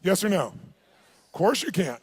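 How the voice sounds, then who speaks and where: Brief: a man with a high voice, a seminar speaker who tells a story with energy and gets the room to answer. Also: moderate pace, slightly rough. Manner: animated, calls on the audience, acts out dialogue. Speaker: motivational speaker.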